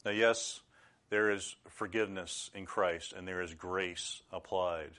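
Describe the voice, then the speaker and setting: Earnest low-voiced man preaching. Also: fairly even intonation. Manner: earnest, measured preaching with sudden loud bursts. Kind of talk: sermon.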